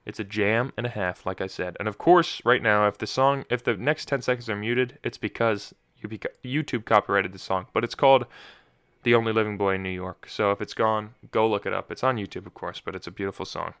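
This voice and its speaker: A man's voice: fairly low pitch, a little fast, a bit bright, clear, resonant tone, no room sound, studio quality. A young man hosting his own podcast in casual solo chat, rambling and often restarting his sentences. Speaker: podcast host.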